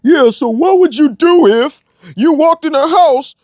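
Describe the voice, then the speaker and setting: A whiny, gossipy young woman rambles at a panel microphone, as a man mocks her in a raised voice. She drags her words out slowly in a sing-song tone. The sound is close and dry. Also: very high-pitched, animated, darkish tone, no echo, pitched above the performer's own voice. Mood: mocking.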